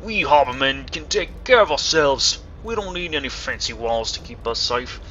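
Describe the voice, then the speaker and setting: A man voicing a proud, gruff old village fisherman in a put-on rustic accent, speaking slowly and emphatically. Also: a little high, sing-song, pushed and bright, full character voice. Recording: slightly dull recording with faint hiss.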